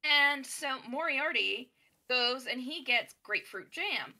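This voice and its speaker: A woman gaming streamer retelling a story in a chatty, animated way, with many fillers. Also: sits high, slow, background noise. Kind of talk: casual storytelling while playing a game.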